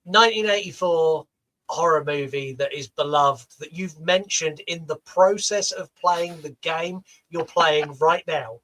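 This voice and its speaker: Brief: male podcast co-host, bright and fairly high voice, teasing and foul-mouthed. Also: poor audio. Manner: teasing, crude, quick-witted. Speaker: podcast co-host and quiz setter. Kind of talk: casual chat. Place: podcast studio.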